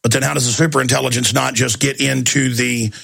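A man's voice: medium pitch, fairly even intonation, fast talker, gravelly, bright, forceful tone, no echo. A man hosting a talk radio show, delivering an intense, combative monologue.

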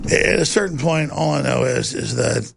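A man hosting a talk show, rambling and emphatic, with wide swings from low growl to high outbursts. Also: moderate pace, vocal fry, breathy edge. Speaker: host. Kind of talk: heated talk-show monologue.

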